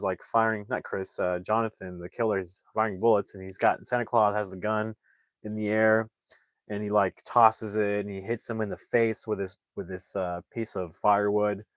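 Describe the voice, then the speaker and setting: A man's voice: fairly low pitch, dry recording. A man casually recapping a film's plot as a reviewer, rambling with many fillers and self-corrections. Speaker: movie reviewer.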